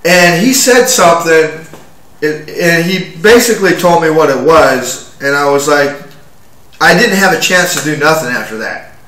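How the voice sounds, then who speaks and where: A man in his forties recounts events in an agitated, halting way, full of restarts and fillers. His voice sits fairly high and sounds bright and tense. The room around him is echoey and hollow. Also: animated, recorded from a distance. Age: 40s. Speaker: vlogger telling his own story. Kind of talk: rambling first-person account.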